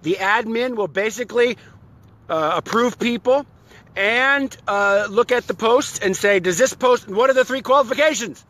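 A high, bright-voiced man chatting live to his online followers. He rambles with many restarts, greets viewers by name and bursts into playful enthusiasm. His tone stays exuberant throughout. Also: normal speed. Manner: exuberant, playful, breaks into silly songs and laughter. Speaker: online community host. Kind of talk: live-stream chat to followers with sung bits.

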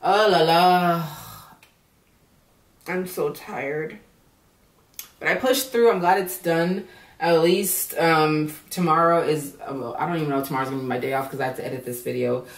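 A woman's voice: low voice, fast talker. A woman recapping a reality show in blunt, profane casual commentary, sounding tired and drowsy. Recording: roomy echo, voice far from mic.

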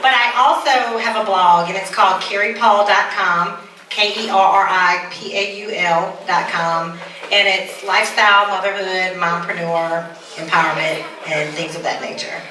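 A woman's voice: mid-range voice, fairly even intonation, normal speed, pushed and bright. A woman from Mississippi introducing herself on a panel, upbeat and promotional. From Vicksburg, Mississippi. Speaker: panelist, blogger. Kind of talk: panel discussion. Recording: echoey room, crowd noise, far mic.

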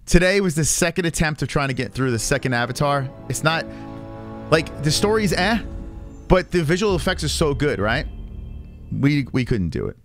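A man's voice: on the high side, big pitch swings, moderate pace, fairly bright tone, soft background music. Rambling man chatting on a livestream. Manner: rambling,喜 frequent fillers and restarts, swears freely. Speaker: streamer host. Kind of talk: casual livestream chat.

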